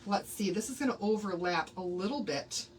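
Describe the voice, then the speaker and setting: A woman's voice: medium pitch, lively intonation, a little fast, distant mic, a little hiss or hum, rough recording. A woman hosting a live craft tutorial, chatty and bubbly, greeting viewers by name and laughing often. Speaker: craft livestream host.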